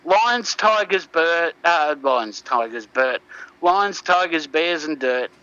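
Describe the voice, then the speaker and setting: Slow-talking profane Australian man. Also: on the high side, lively intonation, bright, forceful tone, clear, resonant tone, dull audio. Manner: profane, meandering, lots of fillers. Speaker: co-host calling in. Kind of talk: casual chat. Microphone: internet call.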